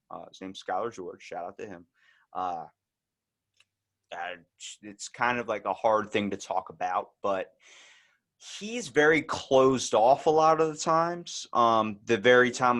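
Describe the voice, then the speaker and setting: A man's voice: lowish voice, a bit bright. A young man hosting a podcast, telling candid stories in a rambling, casual way with lots of filler words. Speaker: podcast host.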